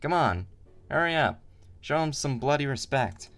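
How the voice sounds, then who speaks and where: A man voicing a rough, jovial older male gang boss who teases and shouts in slang. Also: mid-range voice, expressive, moderate pace, voice pushed up. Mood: boisterous. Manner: gruff, teasing, slangy.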